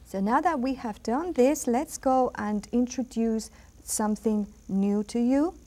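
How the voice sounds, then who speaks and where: A woman's voice: on the high side, dark tone. A woman from Puerto Rico with a Puerto Rican accent, teaching a language lesson on a school TV program and patiently repeating words. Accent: Puerto Rican Spanish. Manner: slow, patient, repeats words for the viewer to echo. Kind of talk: educational TV lesson.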